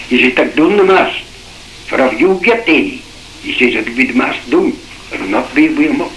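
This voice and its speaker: A man's voice: medium pitch, expressive, normal speed, fairly bright tone. Older Shetland man recalling on old cassette. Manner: rambling storytelling full of "he says" and quoted dialogue. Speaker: survivor telling his story. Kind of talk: oral history recollection. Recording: echoey old cassette tape with faint hiss.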